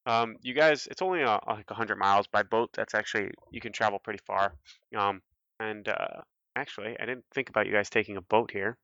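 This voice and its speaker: Bright, crisp male game master. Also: lowish voice, a little fast, dry recording, muffled recording. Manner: casual, rambling with fillers. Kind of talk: narrating a tabletop game.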